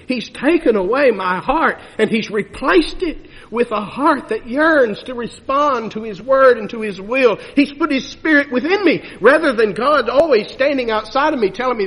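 High, husky-voiced preacher in echoing sanctuary. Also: male voice. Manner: emphatic, swinging between loud urging and hushed lows. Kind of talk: sermon. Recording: long hall reverb.

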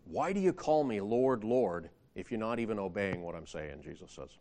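With a fairly low, expressive and slightly mellow voice, a man preaches at a moderate pace in a conversational manner. He keeps asking listeners rhetorical questions and rises in emphasis on scripture quotations.

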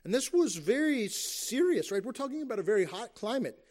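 A man's voice: very high voice, sing-song, fairly quick, a little mellow. A man preaching a sermon, earnest and emphatic, asking his listeners rhetorical questions and briefly acting out what people say.

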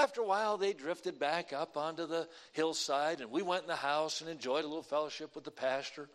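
A male pastor preaching a sermon, telling a folksy story and then preaching slowly and emphatically with deliberate pauses. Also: on the high side, fairly bright tone. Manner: folksy anecdotal delivery.

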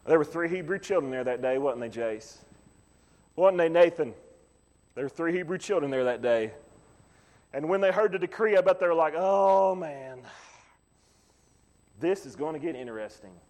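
A man preaching a sermon as pastor, swinging from quiet, low asides to loud, rising calls. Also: lively intonation, moderate pace, pauses often, big-room sound.

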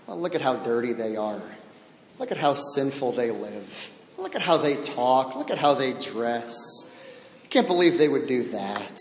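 A man preaching a sermon verse by verse, animated, acting out quoted voices and repeating words for emphasis. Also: mid-range voice, unhurried, slight background noise. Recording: echoey hall.

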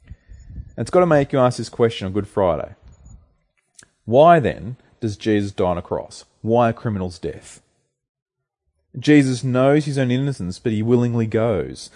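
A man's voice: medium pitch, sing-song, normal speed, pauses often, darkish tone. A man preaching an earnest, emphatic sermon, asking his listeners rhetorical questions.

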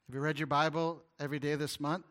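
A man preaching a sermon as pastor, telling stories and acting out little dialogues, moving between hushed and loud delivery. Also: a little high, little pitch movement, quick pace. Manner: storytelling preacher, dropping to hushed tones and rising to loud ones; acts out little dialogues with the congregation.

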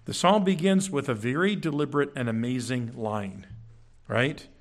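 A man preaching in a church, teaching from scripture with emphatic, animated delivery and frequent check-ins with the congregation. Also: medium pitch, normal speed. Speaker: pastor. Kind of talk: sermon. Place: church sanctuary.

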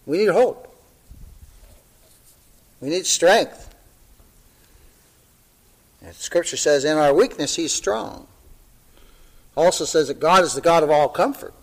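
A man's voice: on the high side, lively intonation, takes it slowly, pauses often, rough recording. A male pastor preaching a sermon, conversational with tag questions, building to fervent exclamations and chuckling now and then.

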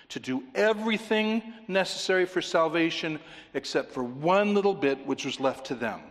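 A man preaching a sermon, emphatic and repetitive, often dropping to a quiet, intense delivery. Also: medium pitch, big-room sound. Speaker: pastor.

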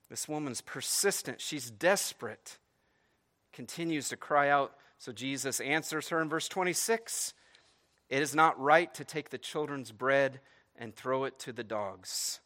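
A man preaching a sermon, animated, breaking into dramatic pleading voices as he retells a story and checking in with "right?". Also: mid-range voice, a little slow. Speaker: pastor.

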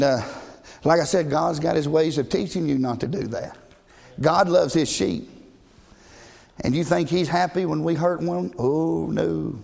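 A man's voice: medium pitch, gravelly, darkish tone, slightly rough, long reverb tail. A man preaching a sermon in an emphatic, conversational way, often asking the congregation questions.

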